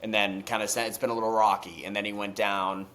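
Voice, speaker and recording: A young man co-hosting a podcast in casual chat, excitable and swearing freely, rambling through restarts. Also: on the low side, fast. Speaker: podcast co-host.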